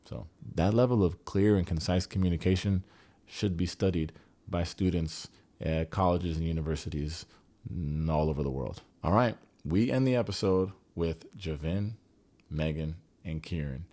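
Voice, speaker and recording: A man with a fairly low voice recaps reality TV in a loose, casual way. He is sarcastic and profane, throwing in joking asides to his viewers. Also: normal speed, mellow. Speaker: TV recap host.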